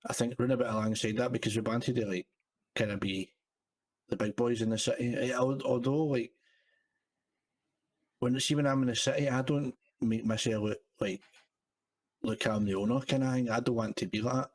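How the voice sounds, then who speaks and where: A man's voice: mid-range voice, fairly even intonation, moderate pace, pauses often. A man chatting casually as a podcast guest, rambling and swearing. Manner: sweary, rambling, lots of "you know what I mean". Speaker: guest, server owner.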